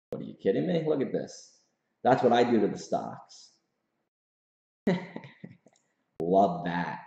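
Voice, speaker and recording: A man hosts a casual livestream from his home office, hyped, slangy and quick to laugh. He talks slowly in a mellow, dark tone. The sound is roomy and a little dull. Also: lowish voice, big pitch swings, creaky. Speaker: host.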